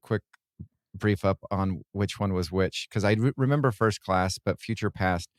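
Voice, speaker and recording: A man's voice: low-pitched, moderate pace, no echo, clean studio sound. A man co-hosting a casual podcast, telling stories with chuckling asides. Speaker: podcast co-host. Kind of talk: casual chat.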